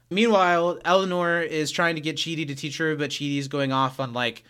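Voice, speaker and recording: A man's voice: a little high, fairly even intonation, moderate pace, fairly bright tone, smooth. A young man co-hosting a podcast, chatting casually as he recaps a TV episode and acts out lines from its scenes. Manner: retells scenes by quoting lines, laughs often. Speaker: podcast co-host.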